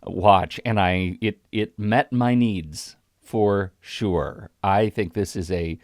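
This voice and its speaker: A man's voice: on the low side, slow pace, darkish tone, no room sound, clean studio sound. A man hosting a film podcast in casual chat, thinking aloud and circling back on his sentences. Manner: thinking aloud, rambling with restarts. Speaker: podcast host.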